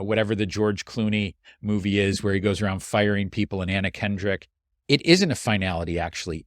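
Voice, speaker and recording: A man who hosts his own podcast and works as a coach reflects on the past year in a solo monologue, earnest and heartfelt, slow and deliberate. His voice is fairly low, recorded with studio quality and no echo.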